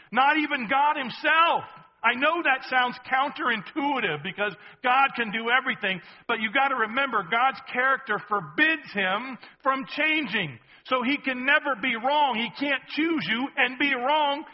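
A man preaching a sermon in a lively, conversational way, asking the congregation questions as he goes. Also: very high voice, muffled recording. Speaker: pastor.

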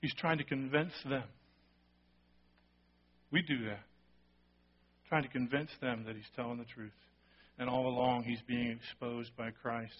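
Animated man preaching a sermon, lo-fi. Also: mid-range voice, measured pace, long pauses. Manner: animated storytelling, acting out quotes, dropping to a hush for emphasis. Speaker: pastor.

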